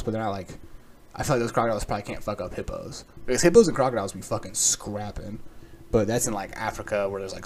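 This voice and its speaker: A young man talks on his own podcast in a loose, rambling way, swearing freely and tossing in sarcastic asides. His voice sits a little low, and he fills the gaps with "like" and "you know.". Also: a little mellow, slight background noise. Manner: rambling, profane, sarcastic, lots of filler words. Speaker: podcast host. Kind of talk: casual solo podcast rant.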